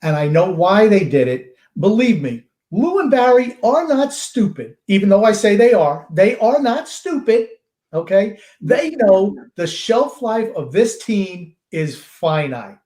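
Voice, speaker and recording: Older man, slightly high voice, emphatic podcast co-host, echoey room. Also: very animated, measured pace, warm tone. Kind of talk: casual chat. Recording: roomy echo.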